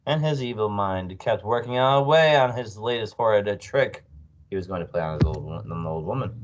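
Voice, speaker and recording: A man reading a children's book aloud as storyteller, expressive with small slips. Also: on the low side, moderate pace, dull audio, a little hiss or hum. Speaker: storyteller, read-aloud narrator.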